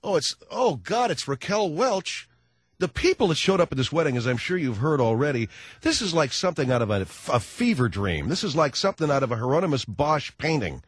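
A middle-aged male radio host with a high, husky voice rambles through a sarcastic comic monologue. His pitch swings widely, and the sound is dry and close on the mic. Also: very animated, brisk, no echo. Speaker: radio talk show host. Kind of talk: comedic talk radio monologue.

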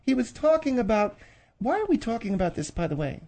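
A man's voice: very high-pitched, very animated, fairly quick, a little mellow, pitched above the performer's own voice, exaggerated voice. A man voicing a bossy, nagging female co-host in a comedic radio talk-show bit, snapping and scolding. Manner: snippy and scolding.

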